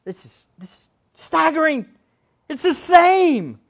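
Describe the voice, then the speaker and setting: A woman preacher giving an impassioned sermon, moving between loud exclamations and hushed asides. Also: high-pitched, big pitch swings, slow, creaky. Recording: dull lo-fi sermon recording.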